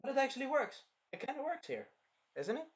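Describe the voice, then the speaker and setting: A man co-hosting a casual review chat, excitable and breaking into shouted impressions of scenes. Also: extremely high pitch, fairly quick. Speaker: anime review co-host.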